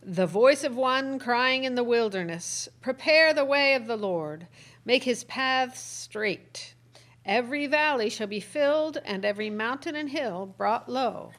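A woman reading Bible passages aloud during a Bible study, steady and measured. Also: fairly high pitch. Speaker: scripture reader in Bible study.

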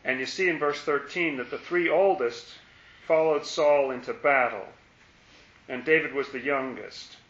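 A man teaching a conversational Bible study, musing aloud and repeating key phrases slowly for emphasis. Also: mid-range voice, fairly bright tone, reverberant, muffled recording.

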